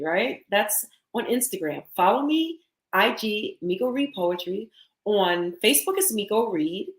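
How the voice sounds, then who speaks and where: A woman in her thirties, a guest poet, talking candidly and chattily in a podcast conversation. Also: mid-range voice. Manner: candid, chatty, laughs often. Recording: roomy echo.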